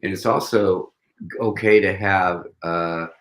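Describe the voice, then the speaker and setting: A man with a lowish voice joins a casual livestream chat as a guest. He reflects out loud and shares personal stories. He often stops and restarts his sentences as he goes. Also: fairly even intonation, slow pace, reverberant.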